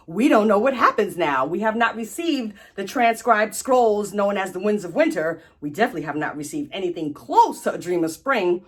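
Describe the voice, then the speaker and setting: A woman hosting a casual, animated story recap in slangy speech, acting out the quotes as she goes. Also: mid-range voice, moderate pace. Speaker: host.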